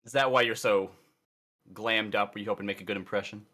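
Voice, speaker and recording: Bright-voiced man making teasing quips. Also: lowish voice, steady tone, quick pace. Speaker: player. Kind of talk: in-character tabletop role-play.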